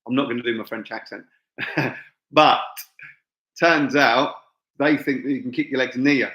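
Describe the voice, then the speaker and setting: A man's voice: medium pitch, fairly even intonation, moderate pace, pushed and bright. A middle-aged English man, a fight promoter, chatting informally to viewers on a live stream, full of asides and fillers. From England. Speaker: fight promoter and gym owner. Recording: echoey dull room sound.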